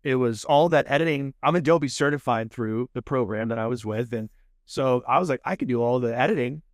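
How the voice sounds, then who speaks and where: Animated Texan man telling stories. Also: medium pitch, fairly quick, dry recording, studio quality. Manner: animated, acts out quoted people. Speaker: podcast guest, food show host. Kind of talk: casual storytelling. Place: podcast studio.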